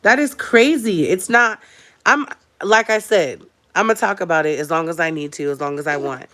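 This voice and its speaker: A young mother who vlogs speaks to camera at a moderate pace in a voice on the low side. She chats emphatically and casually, addressing her viewers directly, and coos softly in baby talk to her infant.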